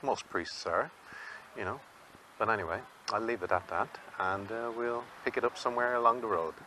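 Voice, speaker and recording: A man's voice: on the low side, normal speed, sharp tone, a little hiss or hum. An Irish man vlogging in a rambling, chatty way and laughing often as he talks to viewers. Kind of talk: casual walking vlog.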